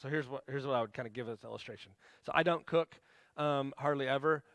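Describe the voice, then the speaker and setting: A man's voice: mid-range voice, quick pace, a bit bright, dry recording, studio quality. A man in his forties teaching a marriage class in a casual, conversational way, acting out everyday scenes. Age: 40s.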